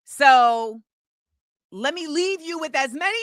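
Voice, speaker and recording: A woman hosting a casual livestream talk show, talking in an animated, sing-song way and reading out viewers' shout-outs. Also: high voice, takes it slowly, dry recording. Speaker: host. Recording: music playing behind the voice. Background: music.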